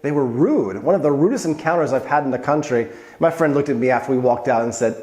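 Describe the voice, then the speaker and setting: Barely pausing, a fast-talking video host explains Polish expressions in an animated, mid-range, slightly mellow voice. He keeps it casual and chatty with personal anecdotes, and the room is echoey.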